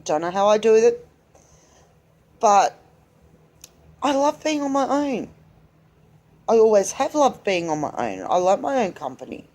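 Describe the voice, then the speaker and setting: A woman's voice: mid-range voice, sing-song, a little slow, long pauses, a little mellow. A woman in her forties chats alone to her camera in a loose, rambling way. She often stops mid-thought, restarts, and speaks with plain candour and an easy lilt. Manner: rambling, self-interrupting, candid. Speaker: vlogger. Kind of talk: casual solo vlog chat.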